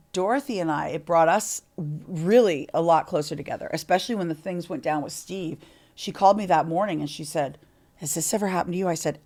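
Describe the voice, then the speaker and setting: A middle-aged woman from Canada, a podcast guest telling candid stories in a chatty way and swearing freely. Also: fairly low pitch. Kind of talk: candid interview storytelling.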